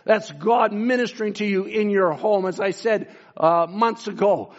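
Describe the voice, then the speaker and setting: A man's voice: sits high, fairly even intonation, normal speed, few pauses. A man preaching a sermon with fervent, rising and falling emphasis, reading quotes aloud to his congregation. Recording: dull lo-fi sound.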